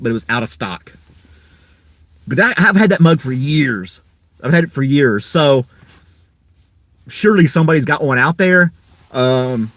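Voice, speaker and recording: A man's voice: fairly high pitch, dry recording. A man hosting a casual live stream, rambling in an easygoing way and chuckling often.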